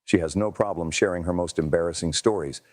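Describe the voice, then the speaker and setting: Male narrator, scripted voice-over, fairly low pitch, even delivery. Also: fast.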